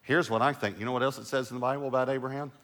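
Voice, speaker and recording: A middle-aged male pastor preaching a sermon, an animated storyteller who drops to hushed lows and rises to loud bursts. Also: very fast.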